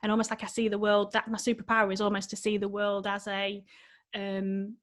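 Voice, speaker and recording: A woman chats on a podcast in a heartfelt, emotional way. She rambles and restarts her sentences as her thoughts unfold. Her pitch sits in the ordinary middle range for a woman. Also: monotone, fairly quick. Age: adult, married with children. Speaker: life coach, podcast guest. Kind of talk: casual podcast conversation.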